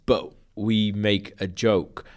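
A man's voice: on the low side, slow. A man co-hosting a podcast, swearing casually and chiming in with agreement. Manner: lively, sweary, frequent agreeing. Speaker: podcast co-host. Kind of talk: casual chat.

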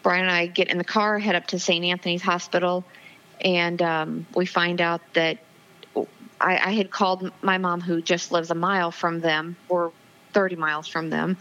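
A woman's voice: lowish voice, flat delivery, normal speed, sharp tone. A woman in her forties, a guest in an interview, tells a personal story earnestly and with emotion, with frequent ums, over the phone. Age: 40s. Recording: dull lo-fi phone audio.

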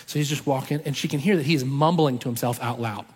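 A man's voice: medium pitch, quick pace, slightly rough. A man telling a story in a sermon, acting out the voices of the people in it. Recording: long reverb from a large hall.

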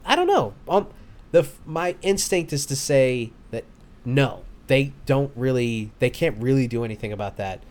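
Podcast host, young man, average pitch, rambling casual delivery. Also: moderate pace, a little mellow. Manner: rambling, hesitant restarts, laughs often.

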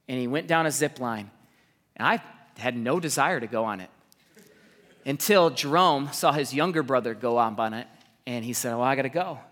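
A man in his thirties preaching a sermon, energetic and animated, telling stories with repeated words and laughs. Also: mid-range voice, in a large hall. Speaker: pastor.

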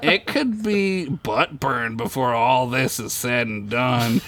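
A man doing a slumping, deadpan big brute. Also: mid-range voice, slow.

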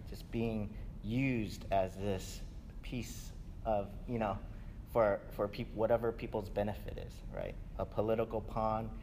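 A man's voice: fairly low pitch, darkish tone, a little hiss or hum. A man giving a sermon in a casual, conversational way, often tagging sentences with "right?". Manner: conversational, keeps asking "right?". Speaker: pastor. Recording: echoey hall, faint ambience.

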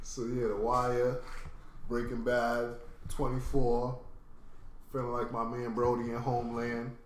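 A man from New co-hosting a podcast, talking in a laid-back, drawn-out way. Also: medium pitch, completely flat delivery. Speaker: podcast co-host. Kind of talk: casual chat. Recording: roomy echo with faint room noise.

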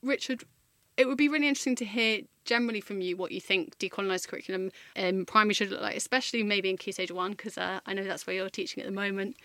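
A woman, a teacher hosting a discussion, asking measured, thoughtful questions. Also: medium pitch, a bit bright, dry recording. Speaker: podcast host and teacher. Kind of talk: casual discussion.

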